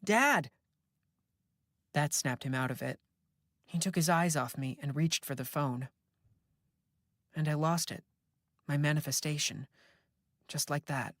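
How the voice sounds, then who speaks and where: An audiobook narrator reading a first-person horror tale in a measured, reflective manner, close to a studio mic. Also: medium pitch, fairly even intonation, no echo.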